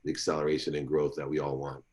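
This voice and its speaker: A middle-aged man as an interview guest, telling stories in a lively way and acting out the voices of people he quotes. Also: fast. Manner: animated, acts out quoted voices with big pitch jumps. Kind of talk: storytelling interview talk.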